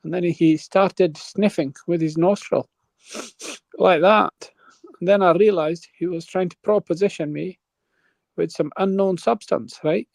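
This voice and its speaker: A man's voice: high-pitched, fairly even intonation, unhurried, creaky, no echo. A man telling a long rambling story on a live panel, checking in with his listeners. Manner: rambling, keeps checking in with "right?".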